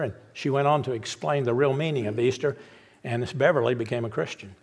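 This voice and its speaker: A man's voice: mid-range voice, fast talker, breathy edge. A man pastor telling a story in a sermon and then leading a prayer, stretching out words for emphasis.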